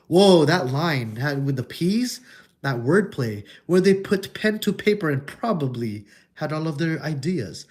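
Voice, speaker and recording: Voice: medium pitch, expressive, unhurried, darkish tone. Casual puzzle-walkthrough streamer: rambling, goofy, jokey, reads game text aloud. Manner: goofy, rambling, crude wordplay jokes.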